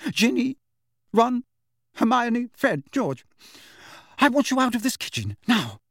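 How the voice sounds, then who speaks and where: A man reads as a fraught, overprotective mother in an audiobook, her voice pitched very high and cracking. She barks orders, then shouts, close to tears. The recording is dry and close. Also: lively intonation, slow pace, vocal fry, no echo, exaggerated voice. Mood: firm. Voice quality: shrill, cracking. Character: anxious, overprotective middle-aged mother, near tears. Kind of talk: audiobook character voice.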